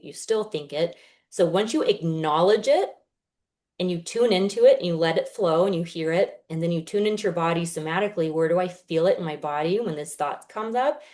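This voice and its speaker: A woman's voice: fairly low pitch, a little mellow. A woman in her thirties, a guest healer on a podcast, explaining earnestly and acting out the inner voices she describes. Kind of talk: casual podcast interview.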